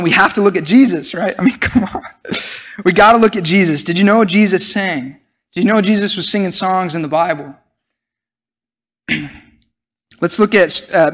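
High-voiced earnest young preacher man. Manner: earnest, animated preaching with restarts. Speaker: pastor. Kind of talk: sermon.

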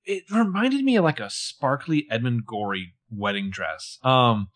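A man's voice: medium pitch, animated, a little slow, a bit bright. A man co-hosting a podcast, casually recapping a TV episode and jokingly acting out characters' lines. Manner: jokey, acts out characters' lines in passing. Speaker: podcast co-host.

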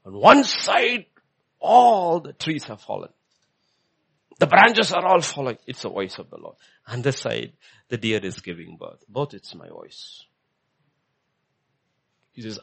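Husky animated preacher man. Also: mid-range voice, a little slow, pauses often. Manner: swings from hushed to loud emphatic. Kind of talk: sermon.

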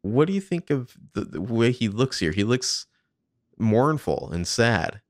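A man's voice: medium pitch, animated, a little slow, no echo, studio quality. A man casually commenting on behind-the-scenes footage, swearing freely and thinking aloud.

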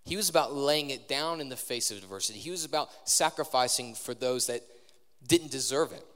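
A man's voice: mid-range voice, a little fast, a bit bright. A young man preaching a sermon to a live audience in a large church hall, talking conversationally and quizzing the crowd. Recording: long hall reverb from a live service.

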